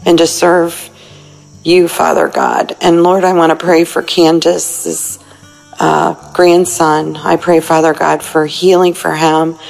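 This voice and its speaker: A woman in her sixties calling in to a prayer line, earnest and halting as she prays aloud. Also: on the low side, creaky, low-quality recording. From United States. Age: 60s. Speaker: caller. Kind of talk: recorded prayer call-in message.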